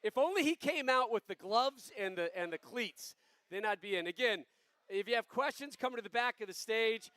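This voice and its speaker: High-voiced upbeat male host. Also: lively intonation, moderate pace, bright, forceful tone, no echo. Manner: upbeat, crowd-rousing host patter. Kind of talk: live show hosting.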